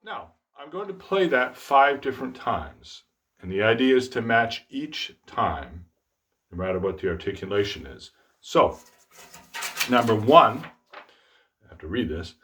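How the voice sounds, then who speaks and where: A middle-aged man with a fairly low voice gives a trombone lesson. He talks in an easygoing, self-deprecating way and breaks off to voice tonguing syllables as he demonstrates them. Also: a little slow. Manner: relaxed, self-deprecating, speaks out articulation syllables. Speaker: trombone teacher. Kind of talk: instructional demonstration.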